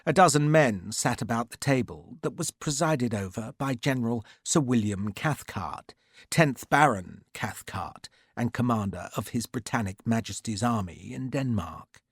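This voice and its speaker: Reading an audiobook from a script, this male narrator keeps a steady, even storytelling manner. He has a husky mid-range voice, and the dry recording is studio quality.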